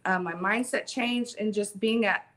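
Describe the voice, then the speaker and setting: Bright-voiced woman telling a story. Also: mid-range voice, measured pace. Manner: animated, emphatic storytelling with many fillers. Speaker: guest. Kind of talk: casual storytelling interview.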